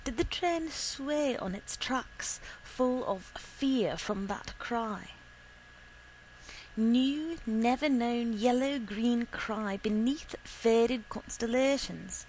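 A woman reading a literary short story aloud in a measured, deliberate way. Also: on the high side, a little mellow, slight background noise, poor audio. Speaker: reader.

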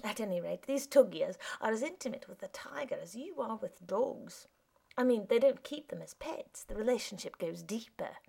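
A woman's voice: a little high, lively intonation, normal speed, vocal fry, dark tone, breathy edge, full character voice. A woman playing a polite, formal new boy. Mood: earnest. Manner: formal, courteous phrasing. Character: polite foreign new boy, dreamy storyteller.

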